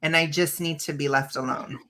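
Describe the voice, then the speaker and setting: A woman's voice: deep voice, steady tone, a little fast, sharp tone. A woman hosting a casual reaction stream over a video call, blunt and opinionated, often breaking into laughs. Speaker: stream host.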